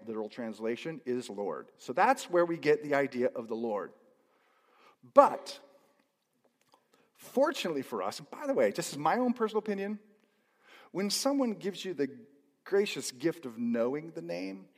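Guy preaching in a big echoey church, chatty teaching then loud emphatic bursts. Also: medium pitch. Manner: conversational teaching with sudden emphatic swells. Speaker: pastor. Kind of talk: sermon. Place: church sanctuary. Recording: long hall reverb.

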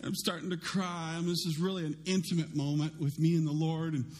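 A middle-aged male pastor preaching a sermon in a conversational, self-deprecating way, with lively swings in his voice. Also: fairly high pitch, a little fast.

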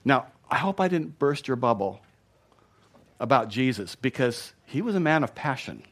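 A man's voice: medium pitch, big pitch swings, normal speed, fairly bright tone. A man in his thirties, a pastor, preaching a sermon in an earnest, emphatic way and often repeating words. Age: 30s.

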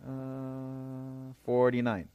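A man's voice: medium pitch, monotone, very slow, clean tone, no echo, dull audio. A man preaching a sermon, reading scripture aloud and explaining it, often checking in with his listeners. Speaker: pastor.

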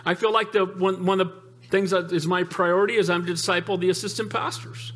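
A man with a high-pitched voice preaches to his congregation, emphatic and conversational. He jokes with the listeners and keeps calling out for amens. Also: fairly even intonation, a little fast, a bit bright. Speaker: pastor. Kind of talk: sermon.

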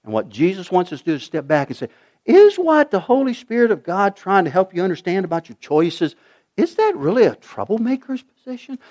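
A male pastor preaching a sermon, swinging from loud urgent shouts to hushed, almost whispered asides. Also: high-pitched, brisk. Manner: animated preaching, rising to shouts, dropping to near whispers.

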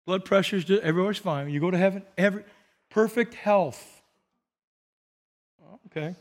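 Male pastor, high voice, animated sermon storytelling, long hall reverb. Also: normal speed. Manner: animated storytelling with repetitions and asides.

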